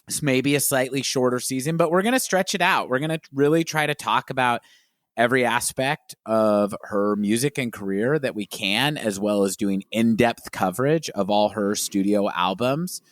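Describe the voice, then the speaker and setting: A man co-hosting a casual podcast, talking in an earnest, playful and animated way. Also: medium pitch, moderate pace, no echo, clean studio sound. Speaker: podcast co-host.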